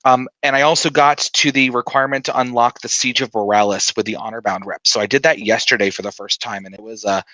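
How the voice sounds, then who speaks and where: A man's voice: medium pitch, fast talker, few pauses, dry recording. A man hosting a casual gaming podcast, talking loosely with many ums and friendly teasing. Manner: relaxed, lots of ums and filler, teasing. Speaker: podcast host.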